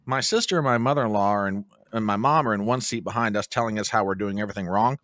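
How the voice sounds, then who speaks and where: Quick-paced and low-voiced, a middle-aged American man tells a long travel story casually on a podcast, acting out the quotes with animation. The recording is studio quality and has no echo.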